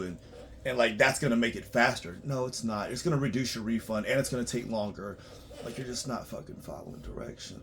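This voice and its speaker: A man working as a tax preparer, ranting bluntly and profanely in a monologue, swinging between loud outbursts and low muttering. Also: animated, fast talker, a little hiss or hum.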